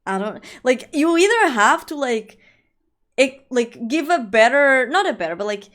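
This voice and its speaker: A young woman streamer with a fairly high voice talks loosely to her chat, rambling through run-on thoughts full of fillers. She is warmly affectionate with her viewers throughout. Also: sing-song, moderate pace. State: allergies. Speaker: livestreamer. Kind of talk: casual livestream chat.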